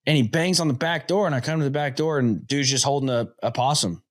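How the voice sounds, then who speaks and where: A man in his thirties hosts a relaxed interview, wandering into long stories. He talks in a chatty, rambling way, with plenty of fillers along the way. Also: mid-range voice, fast talker. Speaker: podcast host. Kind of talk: casual interview chat.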